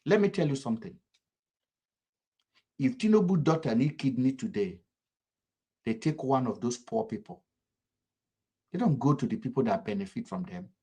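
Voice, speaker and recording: Nigerian male commentator, mid-pitched, fervent and repetitive, jumps between loud outbursts and quiet lines. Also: lively intonation, normal speed, pauses often, slightly rough. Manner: fervent, repetitive, sharp swings in loudness. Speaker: political commentator. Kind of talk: impassioned political commentary.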